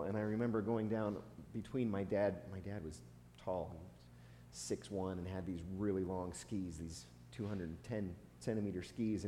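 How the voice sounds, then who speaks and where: A man's voice: fairly low pitch, a little hiss or hum. A man giving a sermon in a conversational, storytelling way. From United States. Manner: conversational preaching with a personal story, some restarts and soft laughs. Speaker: pastor. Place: church sanctuary. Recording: echoey church hall, faint ambience.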